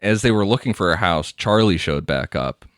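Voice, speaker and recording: A deep-voiced man hosting a casual podcast, reading case details in a loose, conversational way and laughing often. His voice is dry and close to the microphone. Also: lively intonation, normal speed, fairly bright tone, no echo. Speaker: podcast host. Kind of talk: casual true-crime narration.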